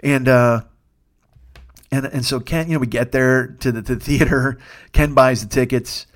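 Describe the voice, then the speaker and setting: A comedian telling a rambling, profane story in a casual podcast monologue, acting out what others said. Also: male voice, mid-range voice, fairly even intonation, moderate pace. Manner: rambling, profane, acts out quotes. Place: Los Angeles.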